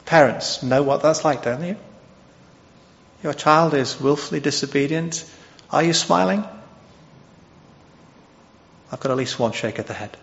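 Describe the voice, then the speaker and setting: A man's voice: fairly high pitch, a little slow, creaky, long pauses, a bit bright. A male preacher giving an expository sermon, often asking the congregation questions. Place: church hall. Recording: dull sound with long hall reverb.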